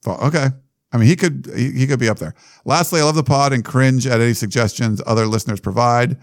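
A man co-hosting a sports podcast in casual chat, reading listener questions out loud with loose asides. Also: medium pitch, fast talker, no room sound. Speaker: podcast co-host.

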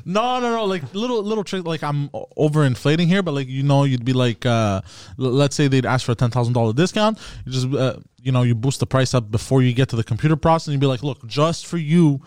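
A man's voice: mid-range voice, quick pace, darkish tone, smooth, dry recording, studio quality. A man in casual chat, explaining at length with hesitations and restarts. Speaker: guest, former car salesman.

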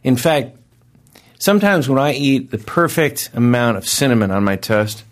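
A man in his thirties trades jokes in a loose, comedic chat. His voice moves a lot in pitch, bouncing between dry understatement and bursts of silliness. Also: lively intonation, moderate pace. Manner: playful, joking, breaks into shrill silly yells. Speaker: co-host.

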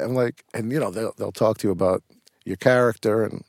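A man's voice: on the low side, fairly quick, creaky, a little mellow, dry recording, clean studio sound. A middle-aged man, an actor, telling rambling stories with restarts and casual swearing in an interview.

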